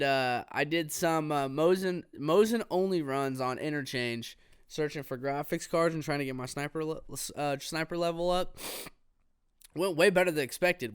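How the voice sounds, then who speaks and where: A man hosting a casual solo podcast, rambling in a relaxed way with plenty of fillers. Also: medium pitch, smooth, dry recording, clean studio sound. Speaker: podcast host. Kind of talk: casual solo gaming talk.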